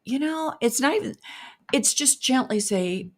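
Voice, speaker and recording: Older woman, earnest and animated. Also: sits high, unhurried. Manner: earnest, animated, speeds up in asides. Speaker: co-host. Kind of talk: casual podcast chat.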